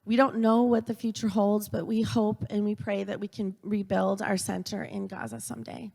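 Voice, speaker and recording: A middle-aged woman giving an earnest storytelling speech at a church event, halting now and then with fillers and restarts. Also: medium pitch, level tone, gravelly, a little mellow. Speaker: speaker at a church event for a university. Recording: long church reverb.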